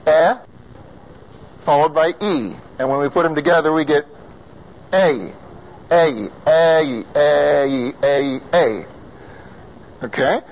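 Slow patient American man teaching vowels. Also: on the high side, slight background noise, poor audio. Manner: slow, patient, sounds out vowels and asks the class. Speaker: singing or diction teacher. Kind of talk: classroom lesson on vowel sounds.

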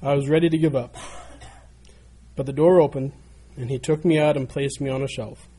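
A man's voice: mid-range voice, fairly even intonation, normal speed, warm tone, breathy edge, lightly acted. A man voicing a talking teacup that tells how it suffered in the potter's hands, pleading and crying out.

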